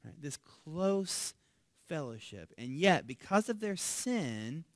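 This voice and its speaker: In a conversational sermon, a man serving as pastor keeps checking in with "right?", getting loud and lively on pleas and dropping to a whisper for key words. He speaks slowly at a fairly high pitch, recorded without echo.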